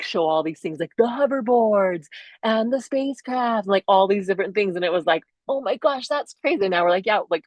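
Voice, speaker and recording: A chatty middle-aged woman talks through her own podcast in a low voice, recorded dry and close over a video call. She laughs often and leaps up in pitch whenever she acts out someone else. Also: dry recording. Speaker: podcast host. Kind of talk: casual solo podcast monologue.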